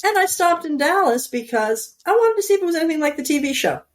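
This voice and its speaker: A woman's voice: high-pitched, expressive, quick pace. A woman in her sixties from New York, an outgoing guest author chatting casually and telling stories with quoted asides. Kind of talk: casual conversation.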